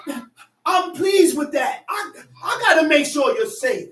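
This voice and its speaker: A man teaching a Bible class as a preacher, animated and often shouting, with laughs between points. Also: very high-pitched, unhurried. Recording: roomy sound from a distant mic.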